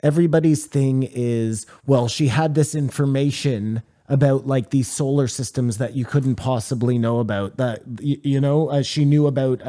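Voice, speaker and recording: A man in casual podcast chat with a warm, mellow tone. He talks loosely and swears freely. Mid-range in pitch, he climbs sharply when he gets worked up. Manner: excitable, swearing, rising to animated bursts. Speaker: podcast co-host.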